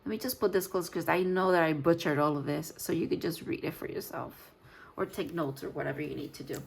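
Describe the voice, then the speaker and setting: A woman with a fairly low voice talks through a casual tarot reading. She thinks out loud, trips over words and restarts as she reads card text, and teases herself in a playful way. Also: brisk, gravelly, slight background noise. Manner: playful, jokes about herself. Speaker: tarot reader.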